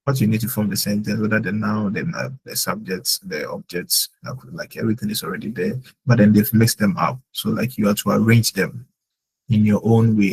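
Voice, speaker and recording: A man teaches German in a live online class. His voice sits a bit low, with a gravelly, husky grain. He explains sentence order patiently and leans on "like" as he thinks aloud. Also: low-quality recording. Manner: explains with many "like" fillers.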